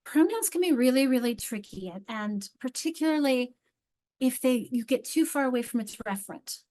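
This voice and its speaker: A woman with a slightly high voice leads a teacher training over a video call. She talks in a chatty, informal way, restarting her sentences often. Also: animated, normal speed, darkish tone. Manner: chatty, with frequent restarts and modeled read-alouds. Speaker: literacy trainer.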